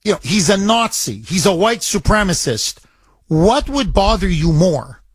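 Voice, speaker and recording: A man hosting a call-in talk radio show from the studio, his voice sitting a little high. He talks emphatically, hammering points with repeated lines and rhetorical questions. The sound is close and dry. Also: very animated, a little slow, breathy edge, dry recording. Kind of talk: talk radio, taking calls.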